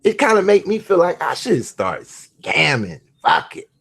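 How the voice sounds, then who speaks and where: A man's voice: on the high side, wildly swooping pitch, unhurried, vocal fry, husky. A man hosting his own show, delivering a crude, mocking, profane rant. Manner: crude, mocking, swings between shouts and mutters. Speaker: host. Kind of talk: profane ranting monologue.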